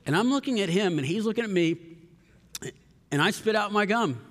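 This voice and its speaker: A man preaching a sermon, telling a story with sudden loud rises and soft, hushed passages. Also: sits high, animated, fairly quick. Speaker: pastor. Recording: long hall reverb.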